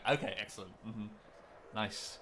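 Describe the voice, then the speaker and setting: Bright-voiced man running a tabletop game. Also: lowish voice, measured pace, slight background noise. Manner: hesitant, lots of ums and restarts. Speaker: game master.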